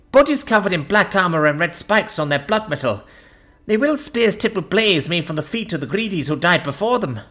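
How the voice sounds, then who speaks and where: A woman reading a first-person science-fiction story aloud in an expressive, dramatic narration. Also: medium pitch.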